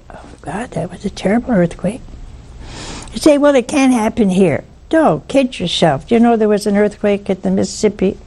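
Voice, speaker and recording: Her mid-range voice sounds creaky, mellow and husky as she delivers an emphatic, sermon-like story on religious radio. She repeats lines for effect while keeping her earnest tone.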